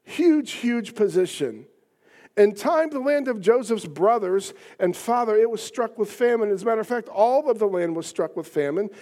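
High-voiced male pastor preaching. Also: lively intonation, moderate pace. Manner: emphatic, rhetorical questions, rising to near shouts. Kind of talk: sermon.

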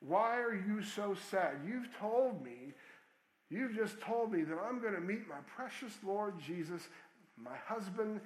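A man voicing a cheerful, devout elderly woman patient who presses her faith with bright questions. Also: on the high side, echoey room, poor audio.

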